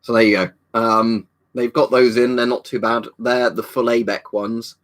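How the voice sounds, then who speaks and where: An easygoing man, talking casually on a home livestream. He rambles from one viewer comment to the next, reading each one out and answering it in an unhurried way. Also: mid-range voice, little pitch movement, fairly bright tone. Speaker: livestream host. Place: indoor storage room at home.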